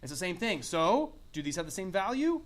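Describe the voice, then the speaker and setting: Brisk and sing-song, this man's high-sitting voice carries a math lesson in a classroom. He poses questions, repeats students' replies, and sometimes coughs or clears his throat.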